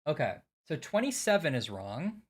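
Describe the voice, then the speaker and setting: A man's voice: fairly high pitch, big pitch swings, moderate pace, husky. A man streaming a mystery game, thinking aloud as he works through the puzzles with a friend. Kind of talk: casual game chat.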